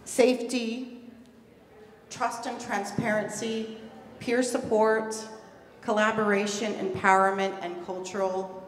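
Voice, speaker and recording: A woman's voice: medium pitch, level tone, slow pace, pauses often. A woman giving an earnest, emphatic conference talk, stressing and repeating key words. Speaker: presenter at a conference. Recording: echoey hall, far from the mic, faint hum.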